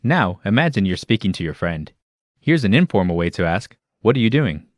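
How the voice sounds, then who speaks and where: A man giving scripted, even-toned instructional narration for a language lesson. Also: lowish voice, brisk, dry recording. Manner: even, explanatory, announcer-like.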